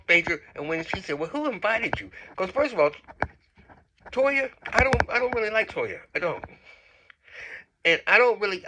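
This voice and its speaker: A man talks through a reality show episode in a loose, swearing rant, slipping into the voices of the people he quotes. His voice sits a little high and sounds sharp and bright. A faint hiss runs under the recording. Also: rough recording. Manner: animated, swearing, acts out quotes. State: tipsy. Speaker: reality TV commentator. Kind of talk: casual profane recap rant.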